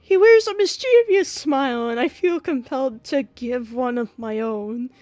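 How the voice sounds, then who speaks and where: A woman's voice: high voice, moderate pace, warm tone, no room sound. A woman streamer reading a story game aloud and reacting with giggles and chatty asides.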